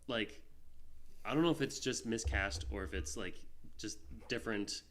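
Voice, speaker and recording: A man's voice: lowish voice, moderate pace, a bit bright. A man co-hosting a film podcast in casual chat, rambling with lots of fillers and restarts. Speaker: podcast co-host.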